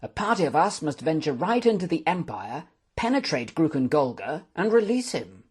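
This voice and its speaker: A gruff, commanding old lord , as an audiobook narrator puts him on speaks with firm authority. His husky voice rises and falls across a lively range as he lays out his orders. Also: a little high, moderate pace, pitched above the performer's own voice. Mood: stern. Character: stern elderly male lordship, commanding.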